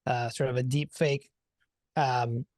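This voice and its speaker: A mid-pitched male voice in a dry, close recording, speaking as a podcast guest. He rambles in a friendly way and circles back over his points as he thinks. The sound is plain and direct, with no room echo. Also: level tone, takes it slowly, darkish tone. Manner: thinks aloud with many fillers and restarts, upbeat. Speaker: podcast guest, consultant and author. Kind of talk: casual conversational interview.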